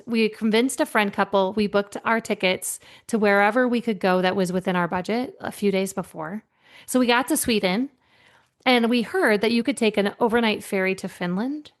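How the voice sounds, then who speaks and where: Middle-aged woman coach, animated storyteller, acts out quotes, mid-pitched voice, podcast guest. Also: normal speed. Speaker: leadership coach.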